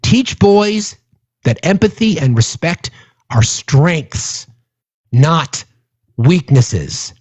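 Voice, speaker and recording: A man's voice: on the high side, big pitch swings, drawn-out words, long pauses, a little mellow, breathy edge, no room sound. A middle-aged man hosting a livestream, talking earnestly and passionately to his chat, often swearing for emphasis. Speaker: livestream host. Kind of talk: casual livestream talk to chat.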